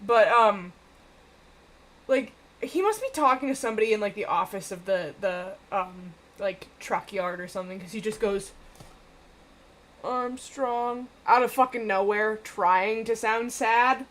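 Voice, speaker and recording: A woman's voice: medium pitch, moderate pace, a bit bright. A woman streamer chatting casually while she plays a game, rambling with lots of fillers and swearing.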